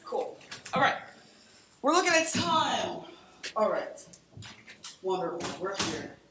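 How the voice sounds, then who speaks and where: A woman from Cleveland giving an energetic, chatty conference talk on a lapel mic in a large lecture hall. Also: medium pitch, takes it slowly, a little hiss or hum. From Cleveland, Ohio. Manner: animated, chatty, acts out quoted friends. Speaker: conference speaker. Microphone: collar lapel mic. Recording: very echoey hall, distant mic.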